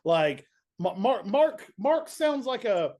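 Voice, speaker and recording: A young man from Kentucky with a Southern accent, a band's bassist telling stories in a laid-back, chatty way. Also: big pitch swings, takes it slowly, a little mellow. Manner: laid-back, chatty storyteller, says "man" and "dude" a lot. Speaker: band bassist, guest. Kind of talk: casual interview chat.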